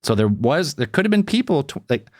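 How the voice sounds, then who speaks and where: A man's voice: medium pitch, sing-song, dry recording, clean studio sound. A man co-hosting a podcast, rambling and swearing freely in casual chat. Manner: rambling, swears, quick to joke. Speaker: podcast co-host.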